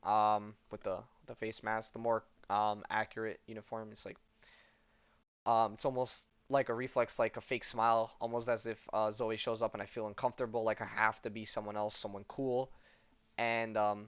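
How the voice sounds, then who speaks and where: A podcast host retelling a comic story casually, with lots of fillers and offhand asides. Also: male voice, lowish voice, level tone, normal speed, fairly bright tone, smooth, highs cut off.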